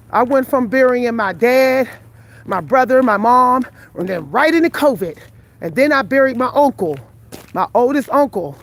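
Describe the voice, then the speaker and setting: A tired, out-of-breath woman in her forties talks bluntly and profanely to her viewers while walking outdoors at night, filming on a phone. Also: a little high. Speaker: vlogger. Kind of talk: live vlog while walking. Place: outdoors on a night street walk.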